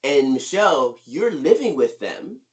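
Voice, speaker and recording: A man's voice: medium pitch, big pitch swings, a little slow, a loud crowd. A middle-aged man, an author and guest, talking energetically and emphatically over a video call, often tagging on "right?". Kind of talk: conversational interview.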